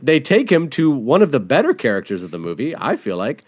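A man's voice: medium pitch, wildly swooping pitch, brisk, husky, dry recording, clean studio sound. A man co-hosting a casual chat, teasing and profane, laughing easily. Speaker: podcast co-host.

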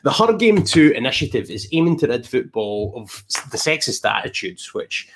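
A Scottish man in his young adult years hosts a casual podcast chat. His voice is lively and animated, with plenty of playful asides and jokes. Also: mid-range voice. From Scotland. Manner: lively, jokey, quick asides. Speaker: podcast host.

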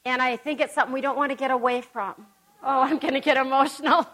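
A woman's voice: sits high, steady tone, fast talker, a bit bright. A woman giving a conversational sermon at a church service, emphatic and folksy, with chatty personal asides. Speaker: preacher.

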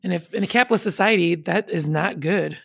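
A woman's voice: on the low side, quick pace, vocal fry, a bit bright, breathy edge, dry recording, clean studio sound. A woman in casual conversation, rambling and chatty, laughing often and slipping into quoted voices of other people. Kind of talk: casual chat.

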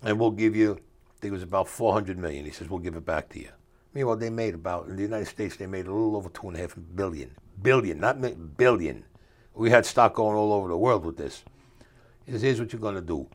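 Speaking fast in a lowish voice, an older interview guest spins a story in a streetwise manner. His grammar is rough, and he performs the voices of whoever he's quoting.

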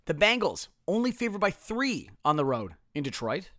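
A man's voice: high voice, very animated, moderate pace, a bit bright, no echo, clean studio sound. A man hosting a casual solo sports podcast, sarcastic and self-mocking, his voice a bit strained. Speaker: podcast host.

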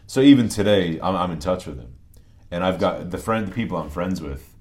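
A middle-aged man from New England, a podcast guest telling stories in a relaxed, halting way, often restarting his sentences. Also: deep voice. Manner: relaxed, halting, restarts phrases, many murmured agreements. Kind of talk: conversational interview.

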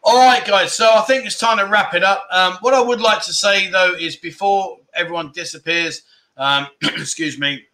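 A man's voice: high voice, moderate pace, sharp tone. A man hosting a casual livestream chat, effusive and chatty as he keeps thanking his viewers. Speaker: livestream host.

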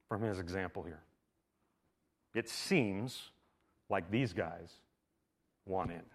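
A male pastor preaching a sermon in a church, casual and conversational, with frequent asides, swinging from loud emphatic stretches to quiet hushed ones. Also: on the low side. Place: church sanctuary.

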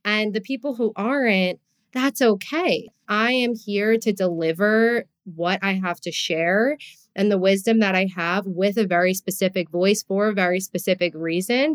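Expressive woman with a New Jersey accent. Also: medium pitch. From US East Coast. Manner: expressive, heartfelt, frequent "like" fillers. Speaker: podcast host. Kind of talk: casual podcast conversation.

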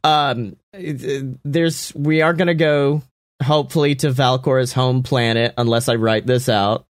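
A man's voice: medium pitch, steady tone, measured pace, no room sound, clean studio sound. A young man who creates and voices a show, chatting casually and animatedly, laughing often and swearing freely. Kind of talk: casual podcast chat.

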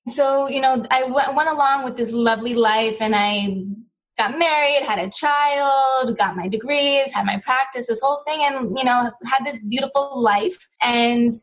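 A middle-aged woman speaks as a guest in a conversation, telling her story earnestly and reflectively. Her voice sits a little high for a woman. She pauses and restarts her sentences as she searches for words. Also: low-quality recording. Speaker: interview guest.

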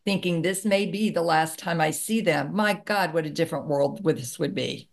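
Earnest lower-voiced woman guest. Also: normal speed, creaky. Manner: earnest, heartfelt. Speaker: podcast guest, author. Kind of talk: spiritual interview talk.

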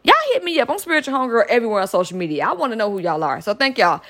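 A young woman hosts her solo podcast in a chatty, upbeat way. Her voice sits at a middle pitch, and her talk is relaxed and conversational. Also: rapid-fire. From Metro Atlanta, US South. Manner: chatty and upbeat, with frequent "y'all" and laughs. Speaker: podcast host. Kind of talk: casual solo podcast shout-outs.

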